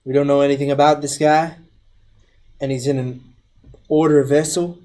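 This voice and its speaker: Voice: medium pitch, flat delivery, normal speed, mellow. A player in a tabletop role-playing game, interrogating a stranger in a brusque, swearing manner.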